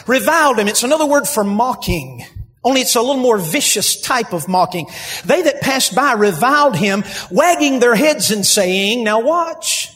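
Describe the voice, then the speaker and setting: A man preaching a sermon, building to shouted emphasis. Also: extremely high pitch, lively intonation, moderate pace, soft background music. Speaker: pastor. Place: church sanctuary. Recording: long hall reverb, husky.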